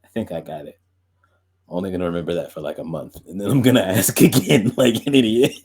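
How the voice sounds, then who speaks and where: Low, mellow-voiced man rambling casually. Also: fast talker, husky. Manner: loose and chatty, many fillers, laughs often. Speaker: podcast and stream host.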